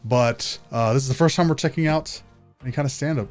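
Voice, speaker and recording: A man's voice: mid-range voice, fairly quick, faint music behind. A man hosting a reaction video, chatting casually with laid-back, joking asides while wearing headphones at his home setup. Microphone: headphones on, home recording setup.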